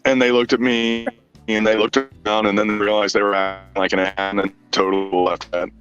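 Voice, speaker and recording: Male guest, lowish voice, spins a story and plays out both sides of the talk, dull call audio. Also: little pitch movement, fairly quick, a bit bright, soft background music. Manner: storytelling, quotes people in dialogue. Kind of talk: casual chat. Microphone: online call.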